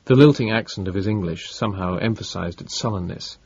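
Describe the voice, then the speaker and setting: A man reading an audiobook in a measured, dramatic narration. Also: low-pitched, slightly rough, lo-fi sound.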